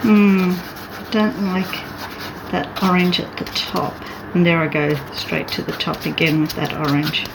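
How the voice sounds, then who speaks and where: A woman's voice: fairly low pitch, level tone, measured pace, vocal fry, background noise. A woman artist chatting casually and thinking aloud as she sketches and paints. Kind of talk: casual chat while drawing.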